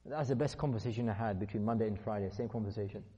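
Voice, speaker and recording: A man's voice: fairly low pitch, very fast, mellow, slightly rough, highs cut off. A middle-aged man giving an earnest religious lecture on parenting. He repeats points for emphasis and acts out everyday dialogue. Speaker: religious speaker.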